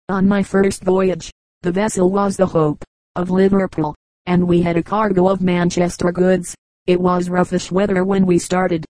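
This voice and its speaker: A woman reading a quiet old boatman. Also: on the low side, no echo, close to an everyday voice, rough recording. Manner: slow, quiet storytelling.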